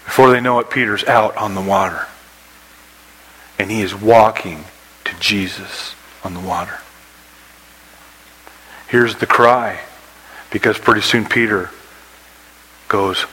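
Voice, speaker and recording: Bright-voiced male preacher. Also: fairly even intonation, unhurried, long pauses, rough recording. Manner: storytelling preacher, acts out scenes with rising pitch; drops to a soft hush for quoted prayers. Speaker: pastor. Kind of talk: sermon.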